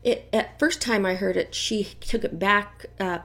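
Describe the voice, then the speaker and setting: A middle-aged woman giving a chatty, gossipy tarot reading with animated asides. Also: medium pitch, moderate pace. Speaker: tarot reader. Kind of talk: casual tarot reading commentary.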